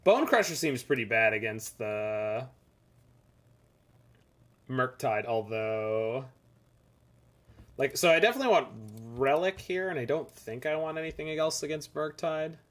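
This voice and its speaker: A man's voice: mid-range voice, animated, a little slow, pauses often, a bit bright. A man from Canada, giving casual, rambling commentary as he plays a card game on stream. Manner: rambling, chatty asides between plays.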